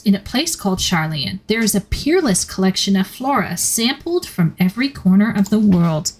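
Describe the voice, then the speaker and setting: A woman reading out a game's earnest young female scholar in a measured, explanatory way. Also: medium pitch, breathy edge. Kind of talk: reading game dialogue aloud.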